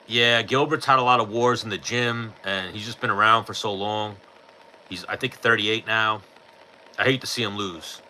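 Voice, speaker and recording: Blunt, sharp-voiced New guy. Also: lowish voice, steady tone, moderate pace, a little hiss or hum, poor audio. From New York. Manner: blunt, profane, offhand. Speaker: podcast host answering live chat. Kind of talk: casual chat.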